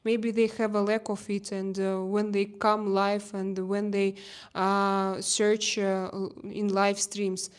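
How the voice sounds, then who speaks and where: A young woman with a Russian accent chatting casually on a phone live stream, halting with fillers and restarts, reading chat messages. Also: medium pitch, flat delivery, smooth. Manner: halting, many fillers and restarts, laughs easily. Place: home terrace.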